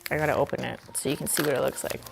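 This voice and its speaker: A woman's voice: very deep voice, steady tone, very fast, gravelly, music in the background. A woman hosting a casual live-stream cooking chat from her kitchen, playful and giggly. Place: home kitchen.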